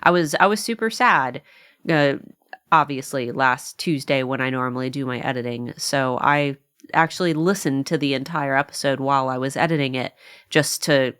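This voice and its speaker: A woman's voice: extremely low pitch, moderate pace, smooth. Rambling woman podcast host. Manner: rambling, animated, many fillers and laughs. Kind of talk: casual chat.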